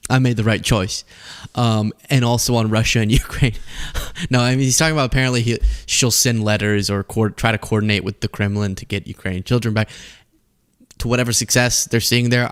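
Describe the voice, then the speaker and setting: A man's voice: on the low side, steady tone, normal speed, clean tone. A young man hosting a live political talk stream, joking casually, laughing often and sliding into mock voices.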